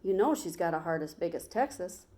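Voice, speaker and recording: A woman's voice: lowish voice, animated, brisk, mellow, close to an everyday voice. A woman reading a storybook aloud, voicing an earnest little country boy who talks in an eager, folksy way.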